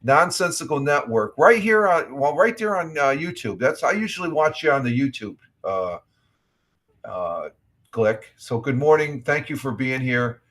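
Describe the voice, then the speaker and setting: A middle-aged man hosts a relaxed morning livestream in an easy, rambling way. He greets viewers as he reads their chat messages aloud and often stumbles and restarts his sentences. His voice sits at an ordinary middle pitch for a man. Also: normal speed. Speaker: livestream host.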